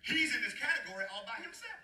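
A man's voice: very high-pitched, sing-song, fast, pushed and bright. A male pastor preaching a sermon with call-and-response, urging the congregation to answer and chuckling between phrases, in a church. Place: church sanctuary. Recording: roomy, mic at a distance.

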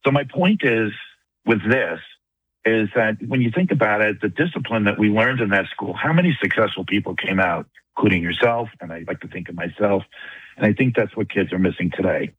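A retired man with a New York accent, calling in to a talk radio show and making a fast, earnest argument. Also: fairly low pitch, expressive, husky, no echo. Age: older. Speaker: caller. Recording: dry tinny phone line.

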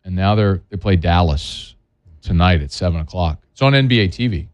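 Deep-ish guy on sports radio, joking around, opinionated, rambles a bit. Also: expressive, normal speed. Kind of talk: casual sports radio chat.

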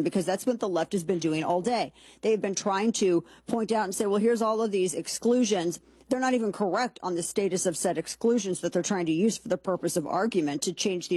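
Woman talk host, husky and lower-pitched, heated and emphatic, dry close mic. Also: darkish tone, no room sound. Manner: fired-up, emphatic, reads quotes aloud. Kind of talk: opinionated political commentary.

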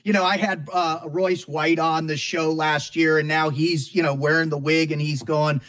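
A middle-aged man talking as a guest in a casual interview, heartfelt and reflective, often pausing and restarting. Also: on the high side, level tone, fairly bright tone.

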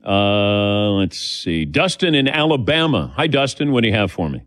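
A man hosting a sports talk radio show, bantering with his crew and taking calls in a jokey, lively way. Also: on the low side, moderate pace, dry recording, studio quality. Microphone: studio mic.

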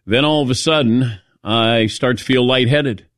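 A man's voice: mid-range voice, moderate pace, a bit bright, no echo, clean studio sound. A middle-aged man hosting a sports talk radio show, telling a self-mocking story in casual chat.

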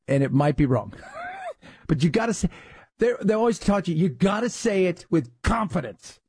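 Joking talk radio host, dry studio. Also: male voice, high-pitched, very animated, moderate pace, a little mellow, slightly rough, dry recording. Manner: jokey, mangles names playfully, laughs at himself. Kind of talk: casual talk radio with live ad reads. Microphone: studio microphone.

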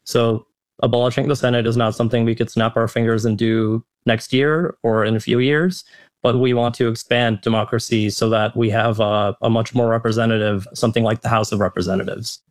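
A man's voice: mid-range voice, steady tone, a little fast, no echo, studio quality. A man activist answering an interview question in an earnest, explanatory way. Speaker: activist guest.

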